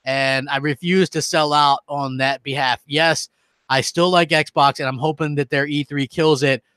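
A man's voice: fairly high pitch, fairly even intonation, measured pace, sharp tone, clean tone, no room sound. A man hosting a gaming stream who rants heatedly and reads out viewer comments. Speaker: gaming channel host. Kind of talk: live-stream rant.

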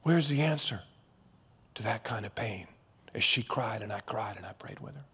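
A man preaching a sermon as pastor, dramatic, dropping to hushed whispers and then rising to loud urging. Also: fairly low pitch, lively intonation, normal speed, slightly rough.

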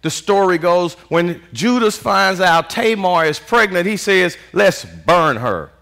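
A man preaching a sermon as pastor, in animated call-and-response style with constant "Amen" and casual vernacular with "y'all". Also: sits high, a little slow, creaky. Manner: Southern US Black vernacular speech, "y'all".

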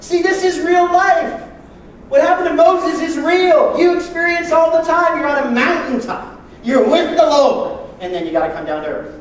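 A man preaching a sermon as pastor, joking and lively with sudden loud bursts. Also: very high voice, normal speed, very echoey, recorded from a distance, rough recording.

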